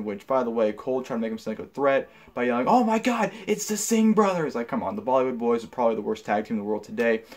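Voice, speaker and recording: A young man talks through his review in a loose, rambling way, full of fillers and restarts. He turns blunt and swears freely when something irritates him. His voice sits at an ordinary middle pitch for a man. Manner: blunt and profane when annoyed. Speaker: wrestling show reviewer. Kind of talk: casual spoken review.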